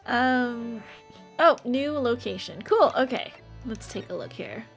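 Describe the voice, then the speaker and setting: A woman's voice: fairly high pitch, expressive, slow, faint music behind. A woman streaming a game, chatting casually and giggling, on a desk microphone. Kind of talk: casual game let's-play chat.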